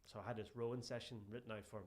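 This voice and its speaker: An Irish man, a strength and conditioning coach, telling lively anecdotes as a guest in a casual interview and often calling the host "mate". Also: medium pitch, very fast. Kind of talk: casual podcast interview chat.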